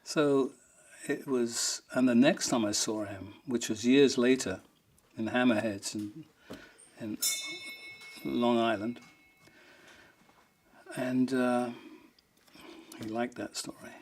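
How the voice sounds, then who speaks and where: A man's voice: mid-range voice, slow, pauses often, slight background noise. A man being interviewed, telling funny stories with frequent chuckles and voices for the people in them. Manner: chuckling, animated retelling with acted quotes. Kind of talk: anecdotal storytelling.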